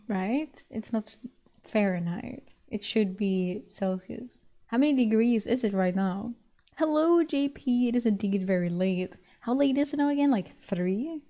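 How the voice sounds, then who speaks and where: A woman's voice: fairly high pitch, warm tone. A young woman streamer chatting casually with her viewers, laughing often and swearing casually.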